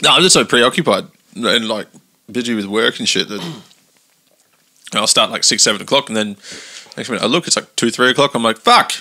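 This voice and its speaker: Gravelly man telling stories. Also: fairly low pitch, fairly quick, long pauses, pushed and bright. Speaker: podcast co-host. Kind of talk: casual podcast banter.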